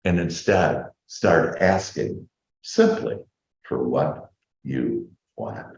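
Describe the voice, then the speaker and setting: A man who acts as a motivational speaker, telling a personal story to a group and acting out his own quotes with lively energy. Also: rumbling low, drawn-out words, vocal fry. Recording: echoey room, dull lo-fi sound.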